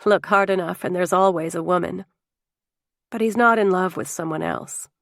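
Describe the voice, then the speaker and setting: A woman's voice: on the low side, moderate pace, creaky, no room sound, studio quality. A woman doing a heartbroken, bitter young wife. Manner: wounded, bitter and pleading.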